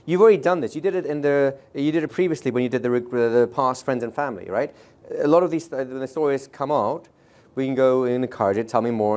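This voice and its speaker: A man teaching a live seminar audience. He talks in a brisk, conversational way, checks in with the room often, and sometimes slows right down to show a point. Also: mid-range voice, darkish tone. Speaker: seminar trainer.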